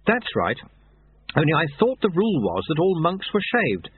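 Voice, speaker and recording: A man's voice: on the high side, wildly swooping pitch, normal speed, slightly rough, dry recording, pitched above the performer's own voice, exaggerated voice. An earnest, anxious young novice monk, as a man puts him on in a storybook reading. His raised voice comes out eager and flustered, full of questions. Everything sounds thin and tinny, like a phone line.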